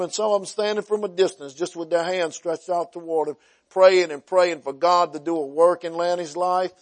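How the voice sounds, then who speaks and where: A man preaching, telling revival stories in a folksy way, rising loud then dropping to a hush. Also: a little high. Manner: folksy, swings from loud preaching to hushed quiet. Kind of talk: sermon testimony storytelling.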